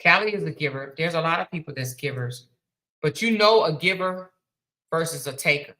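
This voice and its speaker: A livestream host, a woman with a low voice speaking at normal speed, reads viewer super chats on a rough recording. Excitable, she chants and shouts thanks, swears casually, and laughs a lot.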